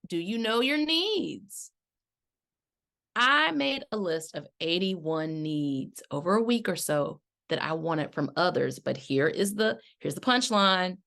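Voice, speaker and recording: A middle-aged woman, a life coach hosting her own podcast, telling a story with lively acted-out quotes and talking straight to her listeners as y'all. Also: on the low side, slow pace, vocal fry. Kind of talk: casual solo podcast talk.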